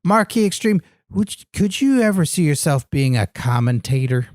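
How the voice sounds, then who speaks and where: A goofy man trading deadpan banter on a comedy podcast. His pitch swoops up and down all over the place, and the sound is dry and close. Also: normal speed, no room sound. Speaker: podcast co-host.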